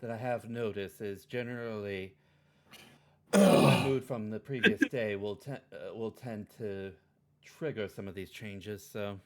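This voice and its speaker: Measured, curious elf woman as a man plays her, low, in-character tabletop role-play. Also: fairly even intonation, a little mellow, slight background noise. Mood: explaining.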